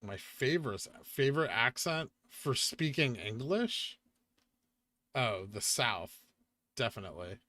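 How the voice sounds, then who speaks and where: A livestream host with a Californian accent chats casually on a live trading stream, answering questions from chat. His mid-range voice is animated and slow, with a sharp tone.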